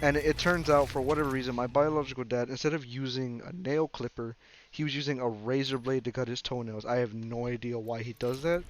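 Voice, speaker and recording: A man's voice: medium pitch, fairly even intonation, brisk, slight background noise. Rambling young man telling a story. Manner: rambling, full of fillers and restarts. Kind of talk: casual story time.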